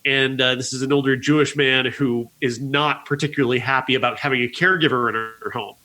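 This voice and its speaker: A man's voice: mid-range voice, steady tone, fairly quick, pushed and bright. A man reviewing films on a podcast, recounting a plot at length with frequent fillers. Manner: earnest, recounts plots at length with many uh fillers. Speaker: podcast film critic. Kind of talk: casual podcast movie review.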